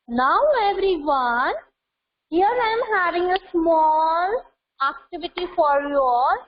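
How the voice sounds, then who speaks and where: A woman teaches young children over an online class. Her voice sits high and she talks slowly, drilling words one at a time. The sound is dull and lo-fi, as if from a laptop mic. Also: expressive. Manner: slow, repeats words for pronunciation drills.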